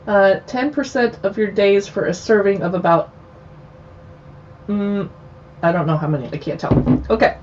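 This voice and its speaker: A woman hosting a casual live video chat, tasting snacks, chatty and quick to laugh. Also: mid-range voice, a little mellow. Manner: chatty, laughs easily, talks with her mouth full. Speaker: host. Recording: dull lo-fi sound with faint noise.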